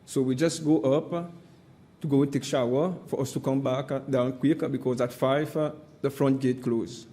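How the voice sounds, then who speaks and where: A witness at a public hearing speaks English. His voice is dark and warm, and he talks haltingly, filling pauses with "uh". He keeps pressing his point with an insistent "my friend". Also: medium pitch, steady tone. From Seychelles. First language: Seychellois Creole. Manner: halting, frequent "uh" fillers, insistent repeated "my friend". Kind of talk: testimony at a hearing.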